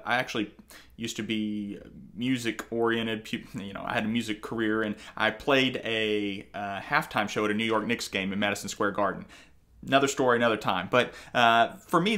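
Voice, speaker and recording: A man's voice: mid-range voice, pushed and bright. A man giving a casual spoken review of an audiobook, talking in a loose, conversational way with frequent fillers and restarts. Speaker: book reviewer.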